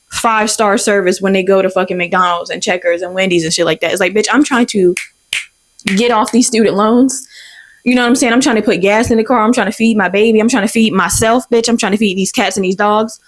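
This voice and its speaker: A young woman in her twenties hosting a podcast, telling a story in a profane, exasperated, animated way. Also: medium pitch, brisk. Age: 20s. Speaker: podcast host. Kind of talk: casual storytelling rant.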